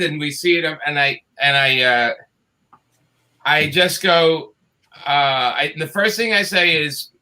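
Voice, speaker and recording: A man's voice: a little high, a little slow. A middle-aged man, a guest comics creator, telling a casual story and acting out the dialogue in it. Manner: animated, acts out quoted dialogue.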